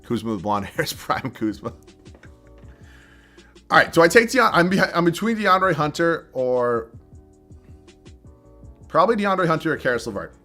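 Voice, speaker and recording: A man's voice: fairly high pitch, very animated, moderate pace, long pauses, sharp tone, soft background music. A young man from southern Massachusetts streaming live, chatting casually, thinking aloud and laughing as he reads viewer chat.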